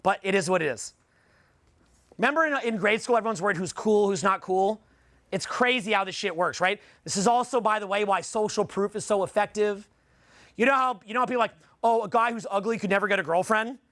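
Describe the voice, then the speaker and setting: A man's voice: high voice, fairly quick, fairly bright tone, no echo. A Canadian man in his forties giving a live seminar talk, blunt and profane, firing rhetorical questions at the room. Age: 40s. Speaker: seminar speaker.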